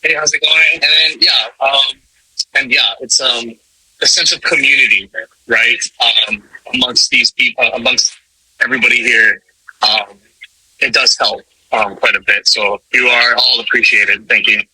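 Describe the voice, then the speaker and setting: A man in a group session, speaking haltingly with many pauses and fillers. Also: medium pitch, steady tone, bright, forceful tone, husky, no room sound, rough recording. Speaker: group participant.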